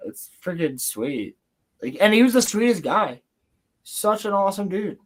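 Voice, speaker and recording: A young man hosting a livestream from home, telling a story in an excited, rambling way with casual swearing. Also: sits high, moderate pace. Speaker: livestream host. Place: home, building Lego on stream.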